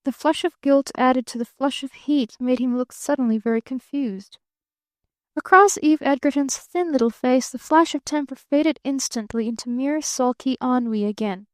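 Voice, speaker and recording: Woman reading an expressive storybook narration. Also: high voice, normal speed, dry recording, clean studio sound. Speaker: audiobook narrator. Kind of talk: scripted narration.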